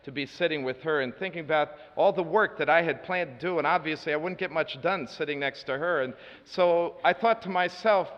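Preacher's story echoing in a hall. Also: male voice, a little high, a little fast, hardly any pauses. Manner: earnest, with dry asides and shifts between loud and hushed. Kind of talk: sermon storytelling. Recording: reverberant hall, dull lo-fi sound.

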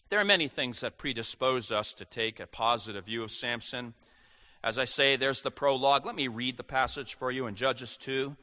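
A man's voice: mid-range voice, pushed and bright, long reverb tail. A man preaching a sermon, teaching through scripture with emphatic rising stresses. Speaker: pastor.

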